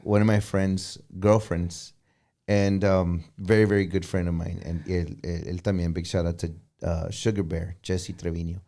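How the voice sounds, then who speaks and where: A man, a guest musician, telling stories in a relaxed chat and dropping Spanish phrases in as he goes. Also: sits low, normal speed. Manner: animated, drops Spanish phrases. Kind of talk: casual storytelling chat.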